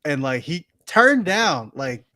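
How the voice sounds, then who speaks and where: A man's voice: a little high, big pitch swings, slow, pushed and bright. A young adult man co-hosting a podcast, chatting animatedly with emphatic opinions and casual swearing. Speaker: podcast co-host. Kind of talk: casual chat.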